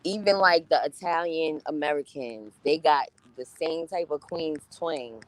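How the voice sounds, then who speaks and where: A woman's voice: deep voice, unhurried, rough recording. Profane chatty New woman streamer. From New York. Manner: blunt and profane, chatty, laughs often. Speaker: live-stream host. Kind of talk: casual live-stream chat reading viewer comments.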